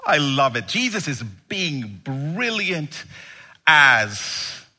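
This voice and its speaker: Male preacher, lively delivery, slow and deliberate, husky edge, emphatic sermon with rhetorical questions. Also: a little high.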